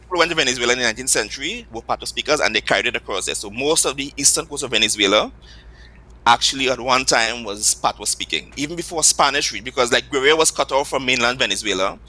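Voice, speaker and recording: Bright-voiced Trinidadian man explaining patiently. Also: mid-range voice, animated, quick pace, rough recording. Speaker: Patois teacher. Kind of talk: explanatory interview talk.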